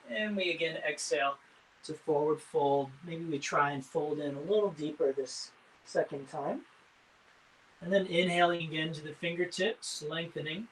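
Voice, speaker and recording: A man teaching an online yoga class, calmly cueing each breath and pose, with some fillers. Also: on the high side. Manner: calm breath-cued instructions, some fillers.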